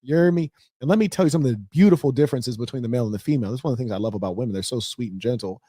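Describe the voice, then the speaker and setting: A man's voice: medium pitch, very fast, dark tone, dry recording. A man hosting a casual livestream, talking loosely with slang and mocking asides. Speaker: livestream host.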